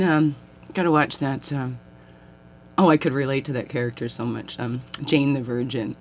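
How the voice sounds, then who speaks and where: A woman's voice: a bass voice, takes it slowly, pauses often. A middle-aged woman, a self-styled medicine woman, chatting to camera in a rambling, giggly way and laughing often. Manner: giggly, animated storytelling with frequent laughter. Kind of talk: rambling casual chat to camera.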